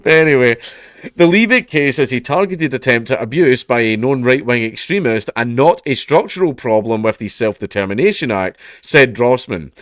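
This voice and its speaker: A man's voice: mid-range voice, animated, moderate pace, hardly any pauses, fairly bright tone, no echo, studio quality. A Scottish man reading out news stories and adding sarcastic, profane remarks with laughing asides. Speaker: commentator.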